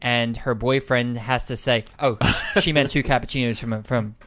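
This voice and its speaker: A man co-hosting a podcast in casual chat, relaxed, who talks in bursts with fillers. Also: medium pitch, normal speed. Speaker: podcast co-host.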